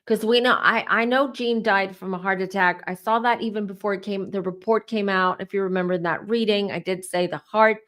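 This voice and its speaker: A woman doing a casual tarot reading for her channel, talking in an animated way and repeating herself as she works up to exclamations. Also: medium pitch, a little fast, few pauses. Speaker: tarot reader.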